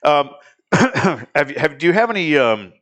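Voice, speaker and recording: A middle-aged man hosting a casual talk show, telling lively stories and chatting with his guests. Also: fairly high pitch, normal speed. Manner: chatty, animated anecdote teller. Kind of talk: casual studio chat and storytelling.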